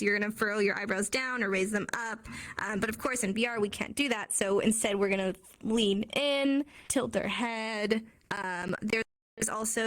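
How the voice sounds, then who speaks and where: A woman's voice: fairly high pitch, a bit bright. A young woman casually teaching a sign language class online, chatty with many fillers and frequent laughs.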